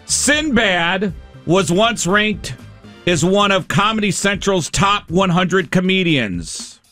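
A man runs a call-in trivia game on the radio, his voice high and sharply bright. He teases the callers as he goes, his pitch swinging widely while he talks at an unhurried pace. A faint music bed plays behind him. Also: lively intonation. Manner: playful, teasing quiz-master. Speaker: radio show host running a call-in quiz.

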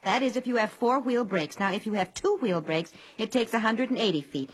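A fussy, cheerful wife from a 1940s radio comedy, quizzing her husband in a sweetly patronizing way. The voice sits a little high and sounds breathy. She keeps calling him dear as she talks down to him. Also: brisk. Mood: coaxing.

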